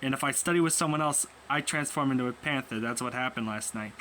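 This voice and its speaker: A man's voice: mid-range voice, fast, hardly any pauses, sharp tone. A young man casually reading a comic aloud, voicing every character in his own voice and stumbling over words as he goes. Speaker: comic reader. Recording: faint background noise.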